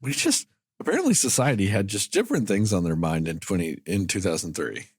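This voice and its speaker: Animated, profane podcast co-host man. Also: sits low, a little fast, husky, no room sound, clean studio sound. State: tired late at night. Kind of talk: casual late-night chat.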